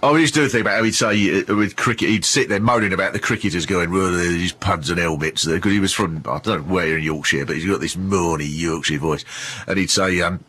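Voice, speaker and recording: A man's voice: deep voice, fast, fairly bright tone, breathy edge. A man in casual radio chat, telling long, rambling anecdotes with lots of laughing.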